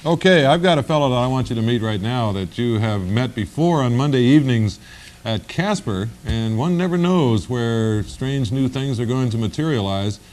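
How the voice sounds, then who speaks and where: A man's voice: medium pitch, moderate pace. A man hosting a 1980s local television variety show, joking with the band and introducing the next act. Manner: joking, lively host banter. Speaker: show host. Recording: lo-fi 1980s TV broadcast with noise.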